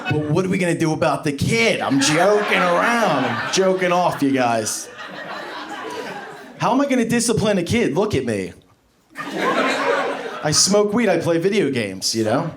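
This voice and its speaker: A man in his thirties doing a stand-up set on a club stage, swearing freely and jumping into high acted-out voices. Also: very animated, measured pace, heavy background noise. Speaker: stand-up comedian. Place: comedy club stage before a laughing audience.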